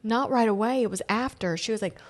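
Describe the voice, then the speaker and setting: A woman hosting a family podcast, telling stories in a casual, animated way, quoting people and laughing often. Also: a little high, a little fast. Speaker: podcast host. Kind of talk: casual chat.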